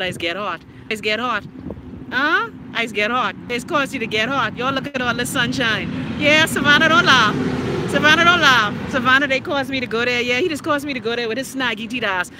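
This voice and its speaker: A Bahamian woman in her fifties with a Bahamian accent, hosting a casual livestream chat and ranting loudly with plenty of profanity, talking into a phone outdoors near traffic. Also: on the high side. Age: 50s. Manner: loud, profane, animated ranting. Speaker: livestream host.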